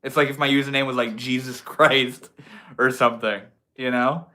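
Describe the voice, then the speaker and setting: A man's voice: mid-range voice, fairly even intonation, moderate pace, pushed and bright. A young man hosting a livestream, chatting casually with viewers in a laid-back, slangy way. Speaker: livestream host.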